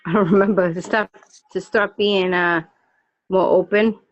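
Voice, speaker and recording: A woman's voice: mid-range voice, fairly even intonation, moderate pace. Woman student, hesitant and brief, heard on a dull, lo-fi recording. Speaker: class participant. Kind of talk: casual class talk.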